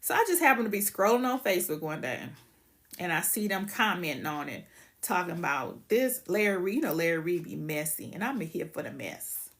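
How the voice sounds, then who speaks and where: A woman's voice: on the low side, big pitch swings, brisk, fairly bright tone. A woman hosting a casual livestream, ranting bluntly and profanely and greeting viewers by name. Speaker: livestream host.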